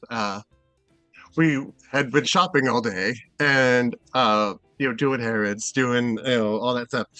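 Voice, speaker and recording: A man's voice: medium pitch, pushed and bright, no room sound. Rambling man, lots of fillers. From Seattle, USA. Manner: rambling, hesitant, many fillers and restarts. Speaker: guest. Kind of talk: casual interview chat.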